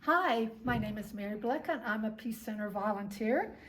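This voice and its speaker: A woman's voice: on the high side, expressive, moderate pace, recorded from a distance. A woman volunteer introducing the next performers in a plain, friendly way. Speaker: volunteer presenter. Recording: off-mic with faint background noise.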